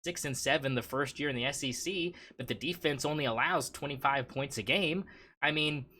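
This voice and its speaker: A man's voice: mid-range voice, fairly quick, sharp tone, slight background noise. A man hosting a casual sports podcast, talking in a rambling way with lots of "I mean" and restarts. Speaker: podcast host.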